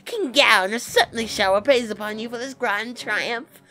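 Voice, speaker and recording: A man's voice: very high voice, moderate pace, sharp tone, soft background music, pitched above the performer's own voice. A man doing a sneering scheming sorcerer. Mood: mocking. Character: sneering scheming male sorcerer, mocking and cruel.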